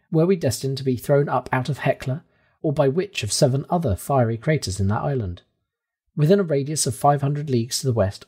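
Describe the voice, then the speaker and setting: A man narrating a classic novel aloud in a steady, measured first-person storytelling manner. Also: mid-range voice, breathy edge. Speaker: audiobook reader.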